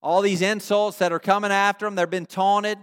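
A male pastor giving a sermon, telling a story with animated energy and checking in with his congregation through questions. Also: high-pitched, brisk, smooth. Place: church. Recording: long reverb of a large hall.

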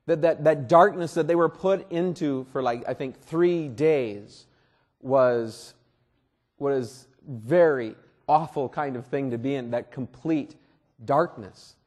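A man preaching a sermon as pastor at a church service, earnest and deliberate, often repeating words. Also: on the high side, a little mellow.

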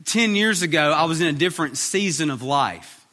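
A man in his thirties delivers a sermon in an easygoing, conversational style, circling back to short phrases to drive them home. His voice sits high and sounds bright and forward. The room around him has a long, hall-like reverb. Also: animated, moderate pace. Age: 30s. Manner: conversational preaching, repeats phrases for emphasis. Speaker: pastor.

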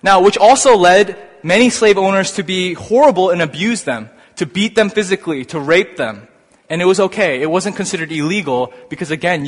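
Animated male preacher in a reverberant hall. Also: fairly high pitch. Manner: animated, builds to excited emphasis. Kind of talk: sermon.

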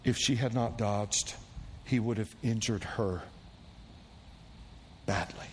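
A male pastor delivers an animated sermon at a slow pace, telling a story and acting out the people's voices with big pitch jumps. He is in a church sanctuary, where a long reverb tail and faint room noise fill the recording.

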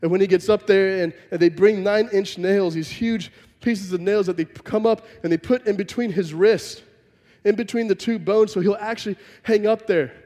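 A man's voice: high voice, normal speed, mellow. A man preaching a sermon, telling the story vividly and emphatically and acting out the scenes. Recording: long reverb from a large hall.

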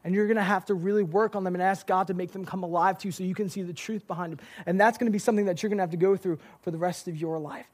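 Young male youth pastor, high voice, chatty storytelling sermon with fillers. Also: rapid-fire, few pauses. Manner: lively storytelling with filler words.

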